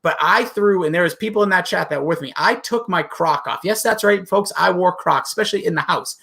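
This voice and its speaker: A man's voice: high voice, a little fast, gravelly, pushed and bright. A man co-hosting a podcast in casual chat, ranting heatedly and swearing. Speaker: podcast co-host.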